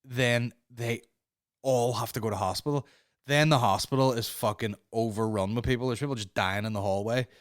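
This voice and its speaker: A man hosts a comedy podcast, rambling on and swearing freely as he goes. His voice sits at an ordinary pitch, and the sound is close and dry. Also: normal speed, no room sound. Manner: rambling, profane, laughing at his own jokes. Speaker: podcast host. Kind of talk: comedic monologue.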